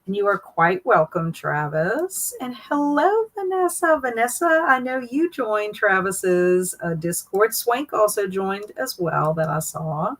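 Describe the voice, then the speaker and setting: A woman's voice: medium pitch, sing-song, a little slow, few pauses, rough recording. A middle-aged woman with a Southern US accent, chatting casually and greeting viewers by name on a live stream. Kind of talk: casual live stream chat, reading chat comments aloud.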